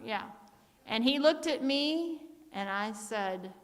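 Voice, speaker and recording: A woman's voice: a little high, animated, slow. Woman preaching in a reverberant church. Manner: storytelling, acts out family voices, reads verses aloud. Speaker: speaker at church. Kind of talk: sermon. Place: church sanctuary.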